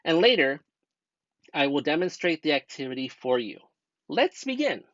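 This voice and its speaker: A young man teaches a grammar lesson step by step, his pitch bouncing up and down as he asks questions to keep the class with him. The voice-over is dry and a little dull, like a cheap home recording. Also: very animated, moderate pace, no echo. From United States. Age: young adult. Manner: patient, step-by-step teacher talk with rhetorical questions. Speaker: student teacher.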